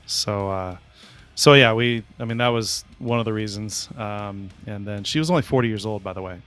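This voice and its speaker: A man's voice: lowish voice, normal speed, fairly bright tone, smooth, no echo, faint music behind. A man co-hosting a casual podcast chat with dry wisecracks. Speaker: co-host.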